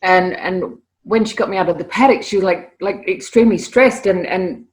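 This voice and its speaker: A middle-aged woman, a guest telling stories in a casual interview, lively and often repeating words as she starts a sentence. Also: lowish voice, moderate pace. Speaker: interview guest, animal communicator.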